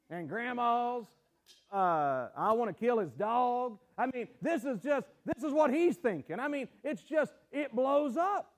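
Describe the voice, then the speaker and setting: A man preaching a sermon as pastor, telling folksy stories and acting out the voices of the people in them. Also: extremely high pitch. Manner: folksy storytelling, acts out quoted voices.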